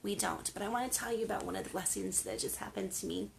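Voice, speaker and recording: A woman's voice: medium pitch, fast, vocal fry, hardly any pauses, a little hiss or hum. An older woman talks in an earnest, storytelling way, sharing encouragement and personal stories. Her delivery is loose and casual, full of ums and restarts. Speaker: host. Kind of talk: casual faith and lifestyle talk.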